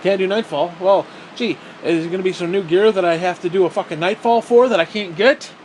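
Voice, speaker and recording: A man's voice: high-pitched, a little fast, darkish tone, slight background noise. A man angrily ranting about a video game in a profane, sarcastic, frustrated way. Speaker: gaming vlogger.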